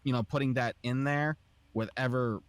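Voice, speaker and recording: A man's voice: mid-range voice, steady tone, normal speed, clean tone, no echo. A young man hosting a podcast, chatting casually and explaining in a rambling way with lots of fillers. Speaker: podcast host and aspiring voice actor. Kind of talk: casual group chat.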